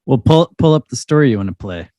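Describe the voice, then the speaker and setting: A man's voice: medium pitch, lively intonation, fast, warm tone, no echo. A man co-hosting a podcast in casual chat, with dry, laid-back banter. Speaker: podcast co-host.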